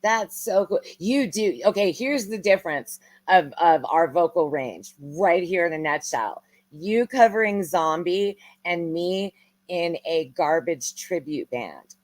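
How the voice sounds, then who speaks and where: Unhurried, expressive woman co-hosting. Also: lowish voice, no room sound. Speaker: guest co-host. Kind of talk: casual live aftershow chat.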